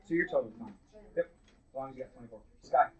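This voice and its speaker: A man's voice: mid-range voice, fast talker. A man teaching a math class live in a classroom. He talks casually and bluntly, with jokes for his students. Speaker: middle school math teacher. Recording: dull lo-fi classroom recording.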